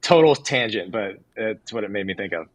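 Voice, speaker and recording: A man co-hosting a casual livestream chat, excitable and joking, often drifting onto tangents. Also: fairly low pitch, moderate pace, dry recording, poor audio. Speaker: co-host.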